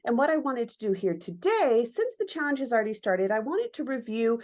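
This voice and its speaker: A middle-aged woman teaching dance online, her pitch rising and falling in a lively way. She explains with enthusiasm and acts out movement sounds to show how a motion lands. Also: a little fast. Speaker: dance educator. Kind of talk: online lesson with screen share.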